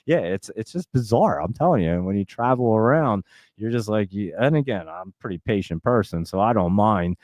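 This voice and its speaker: A man hosting a live stock-market stream, talking very fast in a chatty, rambling way and laughing often. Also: fairly low pitch, darkish tone, dry recording. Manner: talks extremely fast and nonstop. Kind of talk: casual live-stream chat.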